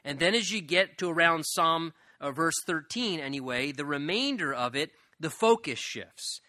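A man preaching a sermon as a pastor, his bright, slightly high voice carrying an earnest tone that builds into fervent emphasis. The recording is dry and close. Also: animated, normal speed, dry recording.

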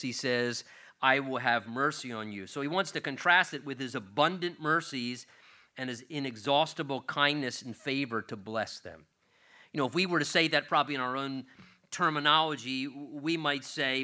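A man's voice: medium pitch, pushed and bright. An older man, a grandfather, preaching an earnest sermon, swelling and dropping in volume to stress key words.

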